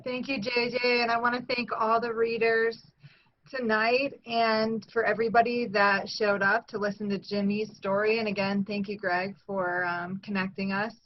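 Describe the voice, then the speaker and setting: A woman's voice: medium pitch, flat delivery, moderate pace, muffled recording, a little hiss or hum. A woman chairing a recovery meeting, thanking people and moving things along in a friendly, slightly scattered way. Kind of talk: hosting a meeting.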